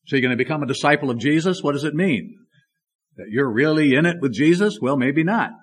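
A man's voice: a little high, lively intonation, fairly quick, husky. A man preaching a sermon in an emphatic, questioning manner. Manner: emphatic, asks the congregation rhetorical questions.

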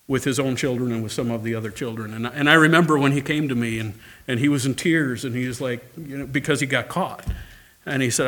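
A man's voice: mid-range voice, a bit bright. A male pastor preaching a sermon, emphatic, repeating phrases and calling for amens.

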